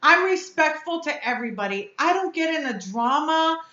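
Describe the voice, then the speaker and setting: A woman's voice: high-pitched, animated, moderate pace, pushed and bright, echoey room, lo-fi sound. Upset, blunt woman venting on stream. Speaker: vape reviewer and channel host. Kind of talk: live stream chat.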